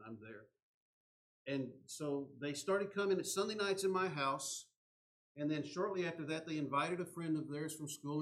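A middle-aged man, a pastor, preaching a sermon and telling a story, moving between hushed passages and emphatic ones. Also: mid-range voice, poor audio.

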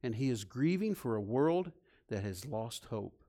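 A man preaching a sermon, swinging from loud, emphatic points to soft, low passages. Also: sing-song, a little slow. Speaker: pastor.

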